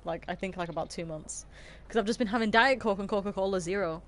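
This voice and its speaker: A woman's voice: medium pitch, quick pace. Chatty, giggly woman streaming a game. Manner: chatty and giggly, talking to viewers. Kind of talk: casual livestream chat while playing. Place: her own room at home.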